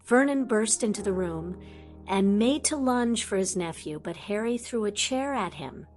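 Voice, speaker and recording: A woman reading fan fiction aloud as an audiobook narrator, in steady storytelling delivery. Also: mid-range voice, moderate pace, faint music behind.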